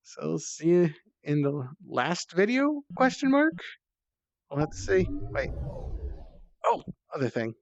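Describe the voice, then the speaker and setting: A slightly high-voiced man rambles as he climbs in VR, tired and thirsty, chatty and self-deprecating. His headset mic sounds dry and dead, with a dull, lo-fi tone. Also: sing-song, slow pace, vocal fry, no room sound. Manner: chatty and self-deprecating, swears when strained. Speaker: VR streamer. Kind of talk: casual rambling while playing.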